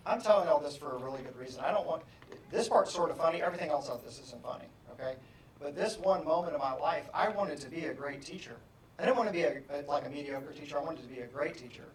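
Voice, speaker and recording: A man giving a motivational keynote, telling a story with animated, self-mocking humor. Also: a little high, a little hiss or hum. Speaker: motivational speaker. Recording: echoey hall from far off.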